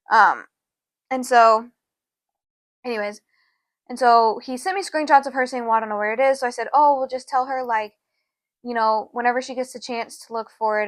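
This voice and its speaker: A young woman co-hosting a podcast, telling a long personal story in a rambling, casual way. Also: dry recording. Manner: rambling, fillers like "da, da, da" and "low-key". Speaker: podcast co-host.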